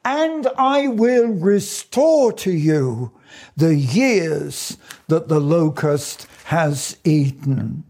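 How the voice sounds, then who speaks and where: A man's voice: fairly high pitch, lively intonation, extremely slow, darkish tone. An older man preaching a sermon, earnest and fervent, quoting scripture as he testifies.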